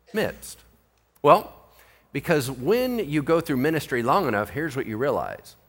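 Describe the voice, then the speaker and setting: A male pastor teaching a Bible sermon, animated and full of rhetorical questions. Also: medium pitch.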